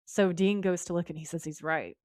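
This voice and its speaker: A woman co-hosting a podcast, retelling a TV episode with lively quoted lines in casual chat. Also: fairly low pitch, a little fast, no room sound, studio quality. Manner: lively retelling, quoting characters in her own voice. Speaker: podcast co-host.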